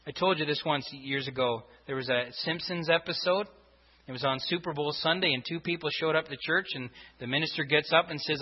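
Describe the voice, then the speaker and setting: A pastor with a fairly high, brisk voice preaches to his congregation in a church sanctuary, hammering home his points with repeated rhetorical questions. The recording is dull and reverberant, typical of a church.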